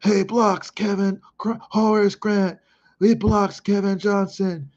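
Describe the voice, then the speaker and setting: A high-pitched, yelling radio sports announcer bursts through a call, as a man puts him on. The play-by-play is loud and breathless. The recording sounds dull and lo-fi. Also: level tone, takes it slowly. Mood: thrilled. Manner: shouting play-by-play. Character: excited male radio sports announcer calling a game.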